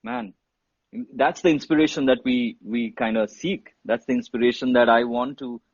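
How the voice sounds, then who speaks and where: Man, husky voice, dry muffled sound, lively casual storyteller. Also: medium pitch, normal speed, dry recording. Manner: animated, swears freely, says bro and dude. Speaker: guest telling a story. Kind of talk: casual storytelling on a live stream.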